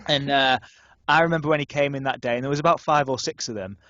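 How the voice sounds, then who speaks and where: A young man from the north of England, co-hosting a casual student radio podcast and telling stories with lots of restarts and sudden jumps in pitch. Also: fast, dry recording, muffled recording. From North Yorkshire, England. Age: young adult. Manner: animated storyteller, restarts and stammers, lively pitch jumps. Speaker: podcast co-host.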